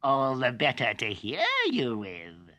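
A man's voice: medium pitch, sing-song, takes it slowly, pushed and bright, no room sound, dull audio, exaggerated voice. A man voicing a cunning, falsely polite male wolf on a children's story tape. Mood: sly.

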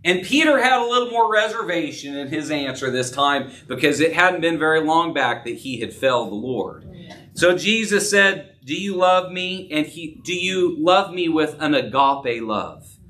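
A man's voice: animated, normal speed, bright, forceful tone, a little hiss or hum. A man preaching a sermon as pastor, earnest, acting out scripture dialogue in his voice. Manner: earnest, acts out dialogue with rising pitch. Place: church sanctuary. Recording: distant from the mic.

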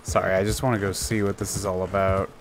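A man's voice: low voice, level tone, fast, noisy background. A young man chatting through a let's play, curious and thinking aloud as he goes. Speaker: gamer.

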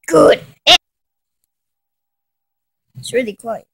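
A woman performs a comedy skit in a high, bouncing voice that swoops all over. She drags her words out slowly and breaks into shouty, exasperated outbursts. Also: very animated.

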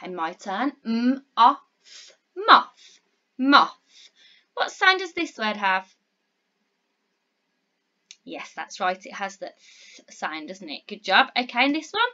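A woman teaching phonics to young children, encouraging and clear, sounding out words slowly. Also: mid-range voice, big pitch swings, pushed and bright, muffled recording. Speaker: primary school teacher.

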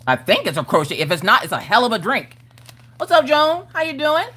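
A woman's voice: fairly high pitch, very animated, a little fast, a bit bright, husky. A woman hosting a casual crafting livestream, greeting viewers by name and reading their comments aloud with a playful, laughing manner. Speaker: livestream host of a crafting chat.

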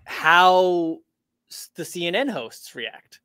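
A man hosting a casual interview, talking haltingly with frequent laughs and restarts. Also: high-pitched, expressive, pushed and bright, clear, resonant tone, dry recording, clean studio sound. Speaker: host.

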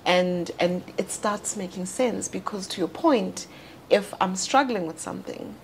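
A South African woman co-hosting a casual panel chat, candid and laughing often, her voice jumping higher when she quotes people. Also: a little slow, slight background noise. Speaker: co-host and founder.

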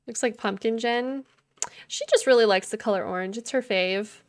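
A woman's voice: a little high, normal speed. Chatty, giggly young woman streamer. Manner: chatty, giggly, talks to chat and her game characters. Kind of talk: casual gameplay chat. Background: soft game music.

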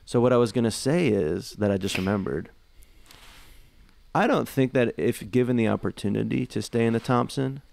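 A man co-hosting a comedy podcast, spinning rambling deadpan bits in casual chat. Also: medium pitch, normal speed, gravelly. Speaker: podcast co-host.

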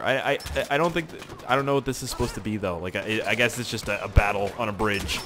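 Excitable, foul-mouthed young man gaming. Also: lowish voice, quick pace. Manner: excitable, profane, wisecracking. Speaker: gaming channel host. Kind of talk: gameplay commentary. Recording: loud gunfire and game audio behind. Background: game gunfire and explosions.

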